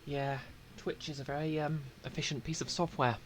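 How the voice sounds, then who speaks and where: A man's voice: a little high, fairly even intonation, moderate pace, slight background noise. Dry self-mocking male streamer. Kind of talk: reading a game aloud on stream.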